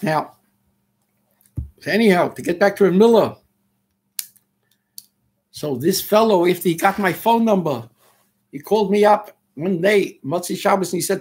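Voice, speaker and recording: A man's voice: high voice, moderate pace, long pauses, darkish tone, husky. An older man hosting a radio show, delivering an impassioned, frustrated monologue sprinkled with Yiddish and Hebrew words. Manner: ranting, frustrated, peppered with Yiddish and Hebrew terms.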